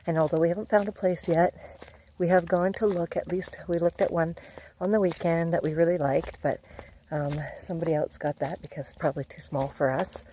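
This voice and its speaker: Woman, middle-aged, low mellow voice, chatty and encouraging, laughs often, faint background hiss. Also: fairly even intonation, brisk. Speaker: vlogger. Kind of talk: casual motivational vlog.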